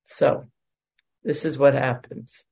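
A woman's voice: rumbling low, steady tone, slow, creaky, dark tone, breathy edge. A woman in her forties sharing a candid, emotional personal testimony with self-deprecating humor at a recovery meeting. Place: at home.

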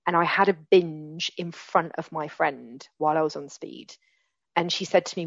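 A woman's voice: low voice, normal speed, vocal fry, no room sound, lo-fi sound. A woman in her forties telling her recovery story candidly and earnestly, often restarting her sentences. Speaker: recovery speaker. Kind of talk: personal testimony.

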